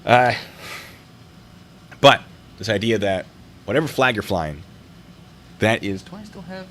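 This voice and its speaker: A man's voice: lowish voice, big pitch swings, a little slow, fairly bright tone. A man hosting a video review show, talking casually and wandering into jokey tangents. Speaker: host reviewing traffic stop videos.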